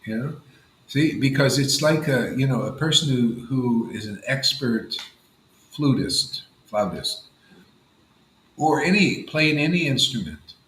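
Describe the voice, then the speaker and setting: A man's voice: mid-range voice, expressive, a little slow, a bit bright, echoey room, slight background noise, poor audio. A man leading a gathering of devotees, giving an informal devotional talk in a rambling, conversational way full of "you know" and "man". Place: room with a gathered group of listeners.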